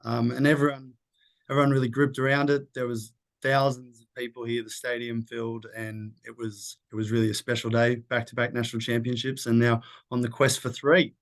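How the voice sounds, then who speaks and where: A young Australian man chats casually on a sports podcast, friendly and easygoing, with frequent "uh"s as he talks. His voice sits at an ordinary middle pitch for a man. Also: flat delivery, a little fast. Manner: friendly, easygoing, hesitant fillers. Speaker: podcast co-host, social media intern.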